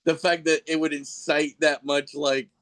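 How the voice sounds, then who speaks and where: Man, podcast guest, slightly high voice, rambling casual chat, laughs a lot. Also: little pitch movement, moderate pace, fairly bright tone. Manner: rambling, laughs often, mimics people in quotes.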